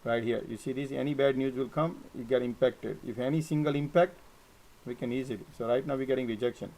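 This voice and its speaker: A man hosting a casual stock market live stream, animated and repetitive, often checking "right?" with his viewers. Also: mid-range voice, fast talker, low-quality recording. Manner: animated, repeats words, frequent "right?" and "guys". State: coughing, choked up at times.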